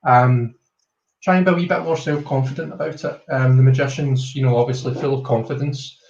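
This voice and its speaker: A man's voice: medium pitch, steady tone, brisk, vocal fry, a little mellow. Man, Scottish accent, hesitant, reassuring, echoey, muffled lo-fi sound. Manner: hesitant, many fillers, reassuring. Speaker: tarot reader on a live stream. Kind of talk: casual reading and advice. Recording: roomy, dull lo-fi call audio.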